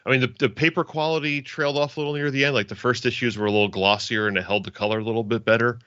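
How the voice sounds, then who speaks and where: A man's voice: mid-range voice, steady tone, racing, sharp tone, clear, resonant tone, dry recording, highs cut off. A man chatting as a guest on a comics podcast, joking dryly about himself. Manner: wry, self-mocking humor. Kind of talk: casual podcast chat.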